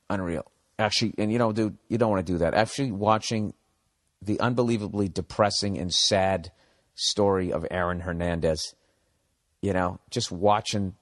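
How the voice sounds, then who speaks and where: A man's voice: on the low side, no room sound, studio quality. A man hosting a podcast, ranting casually and with a lot of profanity, drifting off on comic tangents. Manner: profane, animated, goes off on tangents. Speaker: podcast host. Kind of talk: casual comedic rant.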